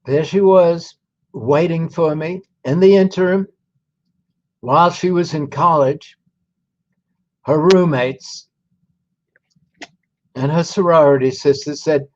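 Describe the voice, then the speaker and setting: A man in his nineties, a veteran telling his life story to an audience in a slow, deliberate, folksy way. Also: a little high, darkish tone, lo-fi sound. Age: 90s.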